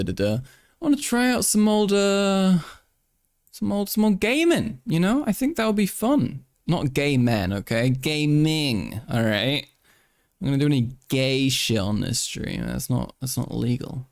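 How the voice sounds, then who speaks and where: A man hosting a live stream in casual chat, playful and crude, jumping into sudden high-pitched exclamations. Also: big pitch swings, slow pace, no room sound, studio quality. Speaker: livestream host.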